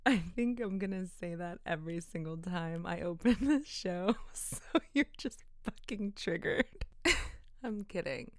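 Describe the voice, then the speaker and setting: A young woman hosting her own podcast, talking in a giggly, excitable way and swearing often. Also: lowish voice, measured pace, dry recording, studio quality. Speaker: podcast host. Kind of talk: casual solo podcast.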